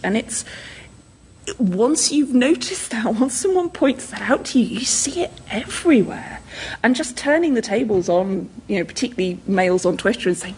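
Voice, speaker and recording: A woman with a northern English accent, a panelist telling lively anecdotes in a discussion and laughing as she talks. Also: on the high side, normal speed, a little hiss or hum, low-quality recording. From northern England.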